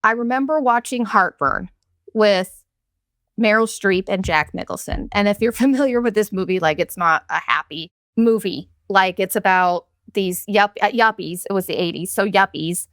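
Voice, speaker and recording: A woman's voice: mid-range voice, normal speed, a bit bright, no echo, clean studio sound. A woman in her thirties hosting a podcast, ranting in a candid, profane, sarcastic and rambling way. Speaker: podcast host. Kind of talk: casual solo podcast rant.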